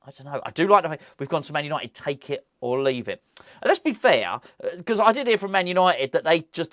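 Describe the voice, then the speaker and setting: Excitable chatty man with a dry close sound. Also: on the high side, no room sound. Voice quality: moustache. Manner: chatty, excitable, laughing, rambling asides. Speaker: football fan channel host. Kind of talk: casual fan vlog chat.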